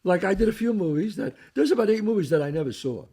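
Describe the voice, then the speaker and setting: An older man chats casually and tells stories with a raspy, gravelly voice. His pitch sits high and swings widely as he talks. He swears freely as he goes. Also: quick pace. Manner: raspy, animated storyteller who swears freely. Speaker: actor guest. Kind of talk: casual chat.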